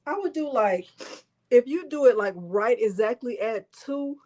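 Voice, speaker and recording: A woman's voice: fairly high pitch, animated, measured pace, a little mellow. A woman hosting a live craft tutorial, talking in a chatty, rambling way with lots of fillers and restarts. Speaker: crafting host.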